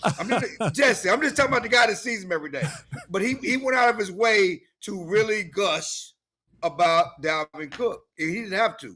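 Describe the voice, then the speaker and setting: A man co-hosting a sports podcast in casual chat, animated and given to repeating himself. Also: sits high, moderate pace. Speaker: podcast co-host.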